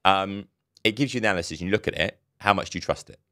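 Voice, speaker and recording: A man's voice: low-pitched, quick pace. A man co-hosting a casual podcast, talking animatedly and acting out quoted exchanges. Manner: animated, acts out quoted dialogue. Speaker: podcast co-host.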